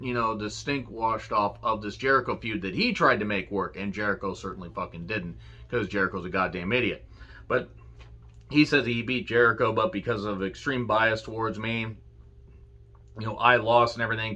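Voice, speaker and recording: A man giving a casual solo review of a wrestling show, cursing freely, laughing and quoting promo lines with excitement. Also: on the low side. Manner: profane, enthusiastic, laughs and quotes lines.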